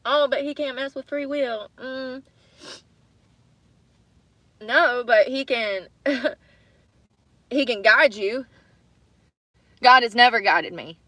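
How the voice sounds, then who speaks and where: A woman's voice: on the high side, slow, long pauses, pushed and bright, dry recording. A woman on a livestream, ranting angrily with a lot of swearing and repeated phrases, sometimes close to tears. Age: adult with children. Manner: angry, swearing, repeating herself. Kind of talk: emotional livestream rant. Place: in her car.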